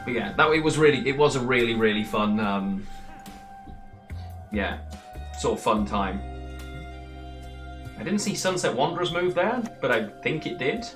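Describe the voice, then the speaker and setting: A man's voice: medium pitch, expressive, normal speed, long pauses, over music. Chatty man streaming a card game. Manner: chatty, rambling, answers chat between plays. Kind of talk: casual gameplay commentary.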